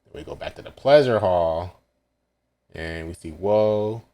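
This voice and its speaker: Male reaction host, deep and slow, casual and hesitant chapter recap with frequent self-corrections. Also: dark tone.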